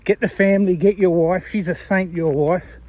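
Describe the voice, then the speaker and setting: A man's voice: sits high, steady tone, normal speed, a little mellow, no echo. A man talking to camera in a rambling, chatty way while walking down a street at night, laughing often. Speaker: vlogger. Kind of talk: casual walking vlog.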